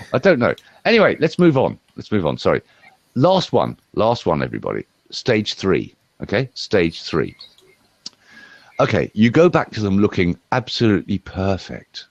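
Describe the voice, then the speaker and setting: Lively, low-voiced man voice coach. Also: dull audio. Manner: playful, rambling, talks straight to a viewer. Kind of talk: lively demonstration talk.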